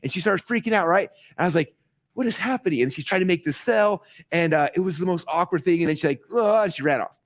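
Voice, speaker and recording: Fast-talking excited man teaching live. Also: fairly high pitch. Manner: fast, excited, talks to the audience directly, acts out quotes. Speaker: marketing teacher hosting a live online masterclass. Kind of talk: energetic live-stream teaching.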